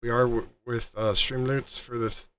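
A man's voice: medium pitch, level tone, normal speed, fairly bright tone. A man streaming a game, chatting casually to his viewers in a rambling way full of ums and restarts.

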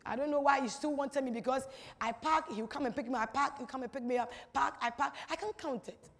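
A woman giving a personal testimony in a large hall, speaking emphatically, repeating phrases and swinging from hushed to loud. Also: high voice, fast. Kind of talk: personal testimony at a church-style gathering. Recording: reverberant hall.

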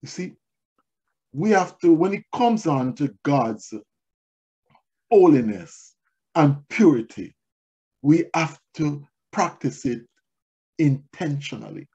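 A man's voice: fairly high pitch, animated, takes it slowly, long pauses, warm tone, husky. Guy preaching a sermon, tells a story then gets emphatic, dull lo-fi church recording. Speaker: pastor.

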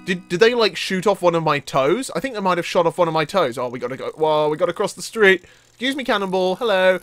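A young man giving live gameplay commentary, excitable and yelping and laughing as things go wrong. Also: high-pitched, quick pace, dry recording, soft background music. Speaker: gaming channel host.

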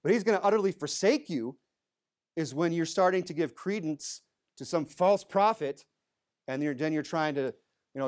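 Emphatic preacher, a man with a higher voice. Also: expressive, moderate pace. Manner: emphatic, rhetorical questions, dips low for stress. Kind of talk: sermon. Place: church.

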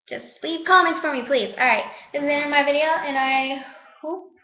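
A woman's voice: high-pitched, fairly quick, pushed and bright, reverberant, rough recording. A teenage girl vlogging to her camera at home in a chatty, sassy way, scolding her viewers now and then. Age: teens. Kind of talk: casual vlog talk to camera.

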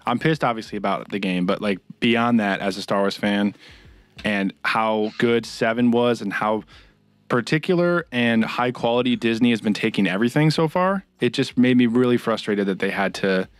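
Low-voiced man ranting on a podcast. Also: normal speed, no room sound. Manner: ranting, profane, frustrated. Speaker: podcast co-host. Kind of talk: casual podcast chat.

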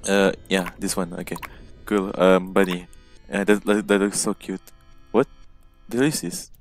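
Playing a game by himself at home, this gameplay commentator talks into a headset mic in a low, fairly monotone voice at a moderate pace, with faint music in the background. His casual commentary is jumpy and nervous, full of startled outbursts.

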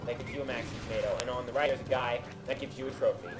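A young man co-hosting a let's play, giving goofy, excitable commentary and bossing his partner around. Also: mid-range voice, racing. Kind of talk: casual gameplay commentary. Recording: game music underneath.

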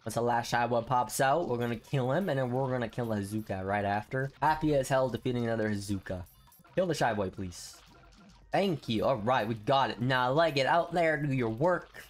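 A young man giving excited gameplay commentary, bursting into loud outbursts and rapid repeated words. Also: medium pitch, soft background music. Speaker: gameplay streamer.

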